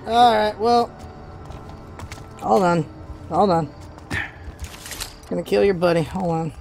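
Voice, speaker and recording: A man's voice: high-pitched, takes it slowly, creaky, pauses often, a little mellow, faint music behind. A man hosting a let's play, giving casual game commentary as he rants and swears in frustration.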